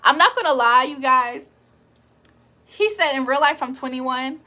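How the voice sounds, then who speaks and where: Bright, chatty high-voiced woman streamer. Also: animated, a little slow. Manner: chatty, laughs often, reads comments aloud. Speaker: livestream host reading chat. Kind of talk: casual livestream chat.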